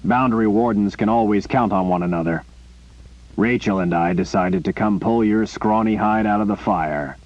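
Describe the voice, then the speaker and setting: A man's voice: lowish voice, normal speed, darkish tone, lightly acted. A man voicing a big boundary warden who talks in a dry, teasing way. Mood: steady. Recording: muffled lo-fi recording.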